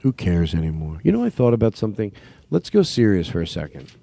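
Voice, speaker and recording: A man hosts a loose podcast chat, wandering off topic and restarting his sentences. His pitch swings up and down a lot as he talks. The recording is dry and close, with no room sound. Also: wildly swooping pitch, fast talker, gravelly, warm tone, no echo. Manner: meandering, self-interrupting, full of fillers and restarts. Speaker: comedian podcast host. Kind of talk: casual rambling chat.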